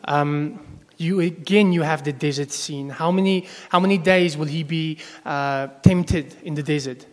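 Pastor preaching in an echoing hall. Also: male voice, on the high side, a little slow. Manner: conversational, asks the congregation questions. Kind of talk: sermon. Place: church service before a congregation. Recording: long echo of a large hall.

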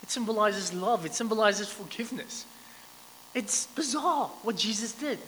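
Male preacher, slightly high voice, animated delivery, echoing hall. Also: moderate pace. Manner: animated storytelling with many restarts. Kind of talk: sermon. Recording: long reverb, faint background noise.

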